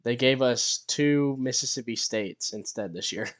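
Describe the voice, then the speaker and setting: A man co-hosting a casual sports podcast, giving quick running updates on race positions and basketball stats. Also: mid-range voice. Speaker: podcast co-host.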